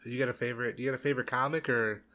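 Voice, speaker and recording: A man's voice: medium pitch, steady tone, very fast, sharp tone. A man hosting a podcast and doing stand-up, laid-back and loose, swearing casually. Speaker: podcast host and comedian.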